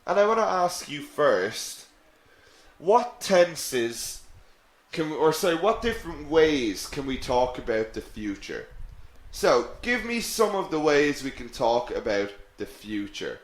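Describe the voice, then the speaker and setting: A man teaching a live online English lesson, slow and patient, who repeats phrases and answers viewers' questions. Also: a little high, very animated. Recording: echoey room.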